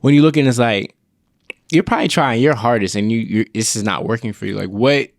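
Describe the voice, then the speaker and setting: A man hosting a podcast in an easygoing, joking way, giving shout-outs and acting out quotes as he asks his questions. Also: mid-range voice, a little fast, gravelly, dry recording, clean studio sound. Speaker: podcast host. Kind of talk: casual interview chat.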